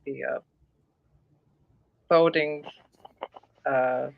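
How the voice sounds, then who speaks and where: A woman from Arizona, a guest in a casual political chat, talking in an animated, exasperated way. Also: extremely low pitch, very slow, gravelly, no echo. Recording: dull lo-fi sound.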